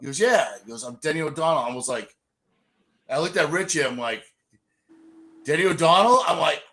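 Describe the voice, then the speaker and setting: A man co-hosting a casual podcast, telling a story in an excitable way. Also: on the high side, brisk. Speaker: podcast co-host.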